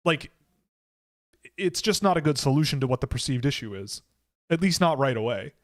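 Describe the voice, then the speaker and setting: A man's voice: mid-range voice, lively intonation, normal speed. A man hosting a casual live stream about hockey, talking in a rambling way and often correcting himself with lots of fillers.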